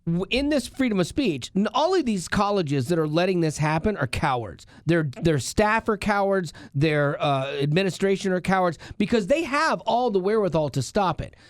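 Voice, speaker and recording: A man's voice: high-pitched, sing-song, normal speed, hardly any pauses, dry recording, clean studio sound. A married man co-hosting a talk show, telling stories casually and ranting with passion. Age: adult, married. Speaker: radio show co-host. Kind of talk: casual studio banter.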